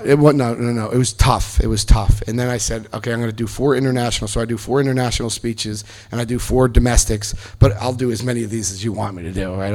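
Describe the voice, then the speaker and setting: A middle-aged man from New Jersey telling a personal recovery story, acting out other people's lines and bursting into loud excitement. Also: mid-range voice.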